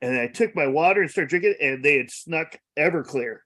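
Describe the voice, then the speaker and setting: A man's voice: a little high, animated, brisk, bright, forceful tone. A laid-back man in casual chat, laughing often and swearing freely.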